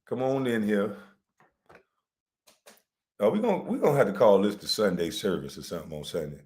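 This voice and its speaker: A man's voice: on the low side, lively intonation, brisk, a little mellow. A man hosting a livestream, ranting profanely and mockingly, breaking into laughter. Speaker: livestream host. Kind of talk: profane comedic rant.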